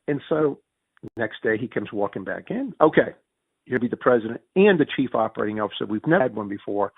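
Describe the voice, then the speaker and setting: A man with a Northern US Yankee accent telling stories as an interview guest, acting out quoted dialogue with big pitch jumps and often restarting his words. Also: animated, a little fast, creaky, breathy edge, dry recording. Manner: frequent restarts and repeated words. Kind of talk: storytelling in a conversational interview. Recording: tinny phone-like dry audio.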